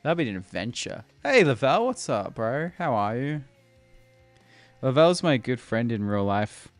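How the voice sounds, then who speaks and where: This time the young Australian man's medium-pitched voice swings a lot at normal speed, recorded dry. His live-stream chat wanders, full of laughter and viewer greetings by name, over faint music.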